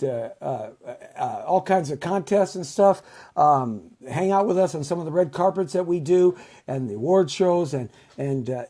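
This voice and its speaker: A woman's voice: low voice, dark tone, husky. A woman hosting a talk show, ranting in a sarcastic, rambling way with stammers and repeated phrases. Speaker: host. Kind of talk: political talk show rant.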